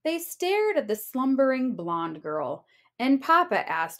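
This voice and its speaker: Teacher reading a storybook aloud, sing-song rhyming delivery, unhurried, lively pitch. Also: female voice.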